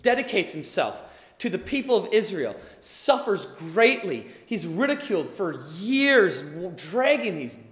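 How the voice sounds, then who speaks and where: Animated high-voiced male pastor preaching. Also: measured pace. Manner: animated, acts out quoted voices. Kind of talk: sermon. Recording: echoey hall with long reverb.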